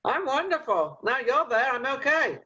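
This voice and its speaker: A woman's voice: high-pitched, sing-song, moderate pace, bright, forceful tone, breathy edge, lo-fi sound. An older woman hosting a talk show over a video call, giving rambling, motherly advice with lots of fillers. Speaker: host.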